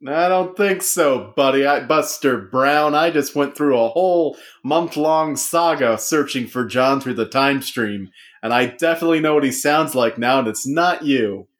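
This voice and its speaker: Speaking at a moderate pace and medium pitch, a man hosts a laid-back comedic podcast. He kids around and slips into a sportscaster-style voice for the intro, all captured as a remote call recording.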